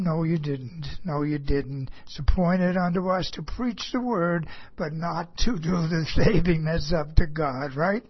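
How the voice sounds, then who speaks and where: A preacher unhurriedly tells a story from the pulpit, leaning on repeated phrases for emphasis. The voice has a husky, breathy edge. It comes through a dull, lo-fi recording. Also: mid-range voice. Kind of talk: sermon told as a personal story.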